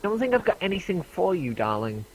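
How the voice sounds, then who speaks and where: Man putting on a high sing-song lady shopkeeper, flamboyant, doting, drawn-out fussy talk, tabletop game. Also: sing-song, darkish tone, slight background noise, poor audio. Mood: theatrical. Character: flamboyant woman magic shopkeeper, doting, theatrical.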